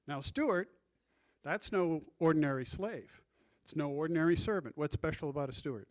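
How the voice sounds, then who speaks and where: A man's voice: fairly high pitch, animated, moderate pace. A man preaching a sermon as pastor, reading scripture aloud and guiding the congregation through the text. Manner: teaching, reads scripture aloud and directs the congregation.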